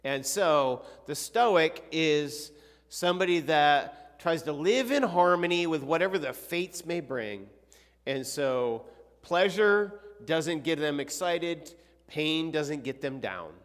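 A man teaching a youth Sunday school class in a conversational way, asking his students questions and often clearing his throat. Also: fairly high pitch, lively intonation, slow pace, fairly bright tone. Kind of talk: casual Bible class teaching. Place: church classroom. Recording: long reverb in a hall.

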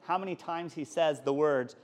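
A man leads a college Sunday school lesson in a relaxed, conversational way, with a voice pitched a bit above most men. He drops into quick asides and acts out the lines he quotes from the text. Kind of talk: Bible lesson to college class.

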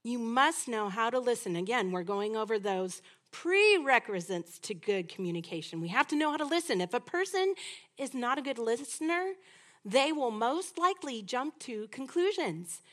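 A middle-aged woman teaching a women's Bible study talks at a normal speed in a high-pitched voice. She's lively and conversational, voicing short quoted exchanges as the lesson unfolds.

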